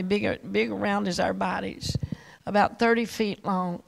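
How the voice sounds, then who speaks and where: A woman evangelist tells a vivid sermon testimony in a gravelly, fry-edged voice at a middle pitch. She rambles, restarts her sentences and turns to address a pastor in the audience. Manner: dramatic, rambling storytelling with restarts; talks straight to a pastor in the audience.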